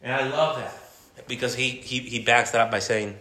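Male pastor, bright forceful tone, impassioned sermon, roomy church echo. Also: on the low side, flat delivery, moderate pace, slight background noise. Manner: impassioned, repetitive, with many restarts.

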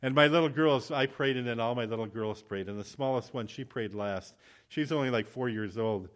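A male preacher delivering a sermon in an animated storytelling manner, his voice at an ordinary middle pitch for a man. He talks to the congregation plainly and directly, then moves into a spoken prayer. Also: normal speed. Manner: animated, acts out quoted voices. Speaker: visiting preacher.

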